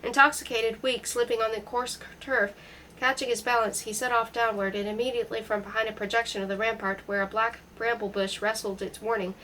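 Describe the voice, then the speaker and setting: A woman narrating a literary novel in a measured, steady audiobook style. Her voice sits slightly higher than most, and a faint hiss of background noise runs under the reading. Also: poor audio. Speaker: audiobook reader.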